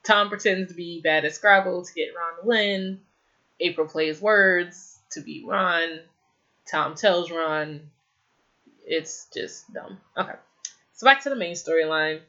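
A woman's voice: lowish voice, a little slow, sharp tone. A young woman casually recapping a TV episode, rambling with lots of "like" fillers and exasperated, opinionated asides. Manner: rambling, heavy use of "like" fillers. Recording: slightly dull lo-fi audio.

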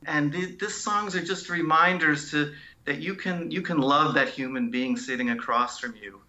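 Bright, animated male doctor, lo-fi audio. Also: on the high side, moderate pace. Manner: animated, expressive storyteller who acts out sounds and quotes. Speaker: oncologist guest. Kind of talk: conversational interview.

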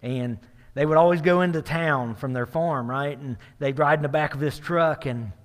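A man's voice: mid-range voice, brisk. A middle-aged man preaching a sermon as pastor, talking conversationally, often checking in with the room, his voice building as he retells a story. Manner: conversational, asks the room "right?", builds in intensity while retelling. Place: church sanctuary. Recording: long hall reverb.

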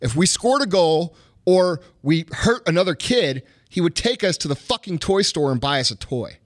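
A man's voice: a little high, lively intonation, moderate pace, dry recording, studio quality. A middle-aged American man hosting a podcast, delivering a profane, emphatic motivational rant with punchy repetition. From United States. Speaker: podcast host.

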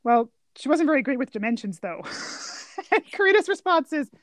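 A woman co-hosting a casual film chat, recounting scenes quickly with laughter. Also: sits high, sing-song, dry recording, studio quality. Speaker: podcast co-host.

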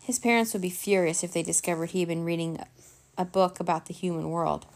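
A woman narrating a children's chapter book, reading aloud lively with character voices. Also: lowish voice, brisk. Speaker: storyteller. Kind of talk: children's storybook read-aloud.

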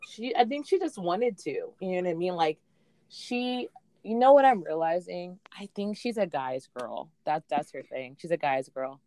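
Chatty low-voiced woman. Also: expressive, normal speed, warm tone, dry recording. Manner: chatty, opinionated, acts out quotes of others. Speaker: podcast co-host. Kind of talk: casual chat recapping a reality show.

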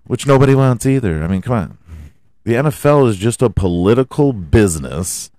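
A man's voice: mid-range voice, animated, moderate pace, mellow, no echo. A man hosting a podcast, ranting about his football team in a heated, profane way and firing off rhetorical questions. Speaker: podcast host. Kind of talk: profane sports rant.

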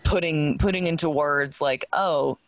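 A man with a higher voice than most men chats easily, musing aloud on an idea. His delivery is relaxed and conversational, with a few fillers. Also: measured pace, no echo, low-quality recording. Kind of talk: casual chat.

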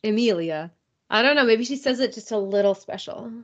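A woman's voice: a little high, expressive, fairly quick. A woman with an easygoing, conversational voice chats about a romance novel with her co-host and laughs often. The sound is a little muffled and dull. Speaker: podcast co-host. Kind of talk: casual book-review chat.

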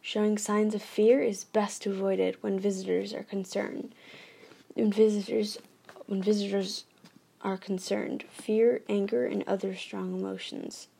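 A woman narrates a first-person ghost story at a middling pitch, her voice carrying a gravelly fry. She reads steadily but often stumbles, restarts phrases and corrects herself as she goes. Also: little pitch movement, measured pace, dark tone. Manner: reading with frequent restarts and self-corrections. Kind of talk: first-person novel read aloud.

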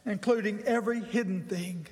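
High-voiced older pastor in a big hall. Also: male voice, normal speed. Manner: folksy storytelling, building to excited, high-pitched bursts. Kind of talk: sermon with personal story. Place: church sanctuary. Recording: long reverb in a large hall.

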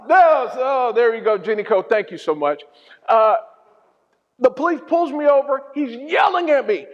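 Brief: pastor, man, very high voice, humorous story-led sermon, muffled lo-fi sound. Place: church hall. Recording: dull sound in a reverberant hall.

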